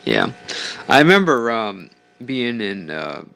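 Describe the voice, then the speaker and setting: A man's voice: lowish voice, big pitch swings, takes it slowly, vocal fry, a bit bright, no room sound, poor audio. Laughing, rambling podcast host man. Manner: rambling anecdotes, crude, laughs often. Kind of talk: casual comedic chat.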